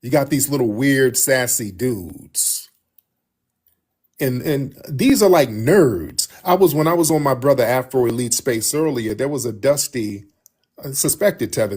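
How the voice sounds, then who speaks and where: A man with a husky, somewhat rough voice hosts a casual livestream. He talks bluntly and mockingly, circling back to the same points again and again. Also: mid-range voice, expressive, unhurried, darkish tone. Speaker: livestream host.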